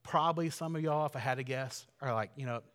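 A man's voice: fairly high pitch, fast, smooth. Earnest man preaching in a hall. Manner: conversational, earnest, builds to loud emphatic peaks. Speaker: pastor. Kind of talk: sermon.

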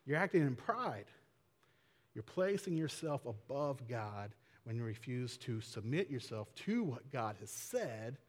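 A man preaching a casual, conversational sermon, asking rhetorical questions with small laughs. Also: mid-range voice. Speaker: pastor. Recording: long hall reverb.

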